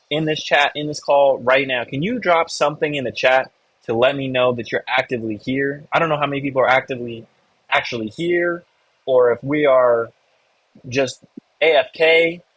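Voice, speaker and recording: A man's voice: medium pitch, fairly bright tone, slightly rough, no room sound, rough recording. A man hosting a live online real estate meeting, coaching a member and encouraging the audience. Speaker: host of a real estate investor community call.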